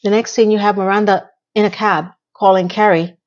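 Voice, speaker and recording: A woman's voice: medium pitch, fairly even intonation, fairly quick, muffled recording. A woman giving a casual recap of a TV episode, with blunt, exasperated commentary and words she repeats for emphasis. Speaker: TV recap reviewer.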